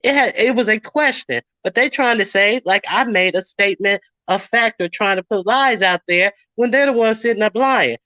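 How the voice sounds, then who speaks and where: A woman's voice: medium pitch, moderate pace, hardly any pauses, bright, forceful tone, dry recording. Indignant woman streamer, dull dry sound. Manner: indignant, retells arguments in quoted voices. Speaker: commentary streamer. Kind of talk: casual ranting commentary.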